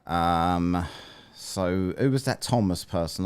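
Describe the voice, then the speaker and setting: A man's voice: sits low, a little slow, clean tone. A man hosting a livestream, debating callers in a sarcastic, mocking way. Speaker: livestream host.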